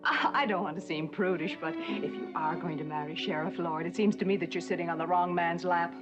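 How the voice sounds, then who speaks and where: An actress playing a proud frontier wife in a 1960s film, with a sarcastic, cutting delivery. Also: female voice, fairly low pitch, fairly even intonation, a little fast, dull audio, over loud music, lightly acted. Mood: tart. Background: film score.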